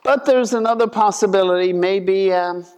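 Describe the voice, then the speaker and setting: A man preaching a conversational sermon in a folksy way, acting out voices with sudden leaps in pitch. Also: moderate pace, darkish tone, smooth. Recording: long reverb of a large hall.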